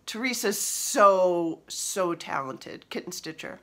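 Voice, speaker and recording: A New Jersey woman in her 50s chats casually at home while showing off her cross-stitch projects, rambling and laughing often. Her medium-pitched voice is expressive, slow, gravelly and fairly bright.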